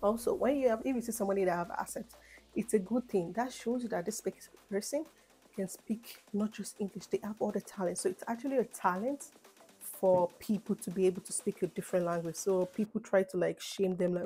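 A woman's voice: medium pitch, a little fast, soft background music. A young woman from Nigeria with a Nigerian accent, chatting casually in a rambling get-to-know-me vlog. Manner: chatty, rambling, animated asides. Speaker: vlogger.

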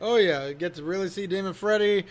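A man's voice: high voice, quick pace. A man co-hosting a casual movie podcast, recapping the plot step by step. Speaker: podcast co-host.

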